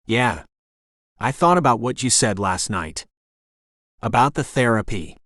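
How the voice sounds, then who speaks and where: A man voicing a withdrawn young man who talks softly and hesitantly in an audiobook. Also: mid-range voice, expressive, measured pace, no echo, studio quality. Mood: eager. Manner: soft, hesitant, murmured.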